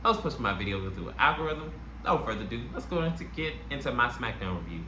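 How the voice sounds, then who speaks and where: A man hosting a casual wrestling review channel, talking in an animated, slangy way with a New York accent. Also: mid-range voice, fast. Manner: animated, slangy, puts on playful voices. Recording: echoey room, faint noise.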